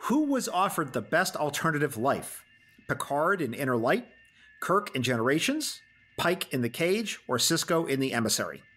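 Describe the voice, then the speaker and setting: A man's voice: a little high, sing-song, normal speed, sharp tone, husky. Playful, theatrical male podcast host. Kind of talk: podcast interview with a mock game-show quiz.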